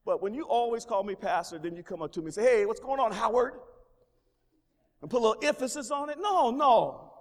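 A man's voice: high voice, animated, fast talker. A man preaching a sermon as pastor, with exclamations of praise and repeated phrases. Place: church sanctuary. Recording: long reverb of a large hall.

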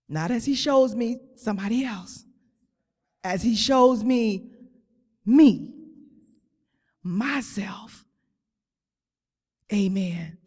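A woman's voice: mid-range voice, warm tone, husky, big-room sound. A woman preaching a sermon in a church, drawing out her words with emphasis and calling on the congregation. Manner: slow, drawn-out emphatic phrasing, call-and-response. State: close to tears.

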